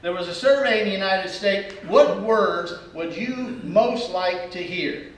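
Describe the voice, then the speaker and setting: A male pastor preaching a sermon, animated and humorous, acting out the attitudes he describes. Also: sits high, unhurried. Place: church sanctuary. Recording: echoey church hall from far off.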